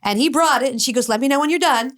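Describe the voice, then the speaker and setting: A woman's voice: high voice, racing, fairly bright tone. A middle-aged woman, an addiction specialist, telling a story in an interview, acting out both sides of the dialogue with blunt, cursing energy.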